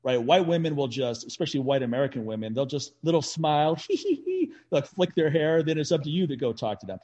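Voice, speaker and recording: A man with a fairly high, husky voice chats casually, spinning animated stories and laughing between lines. He swears freely and easily. The recording sounds dull and lo-fi. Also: brisk. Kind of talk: casual chat.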